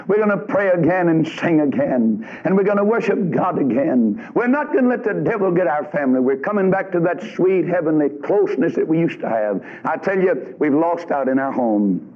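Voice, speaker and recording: A man with a drawl preaching a fiery, folksy revival sermon from a church pulpit. His voice sits high and leaps up and down with each emphatic point. The old tape recording sounds dull and muffled. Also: a little mellow.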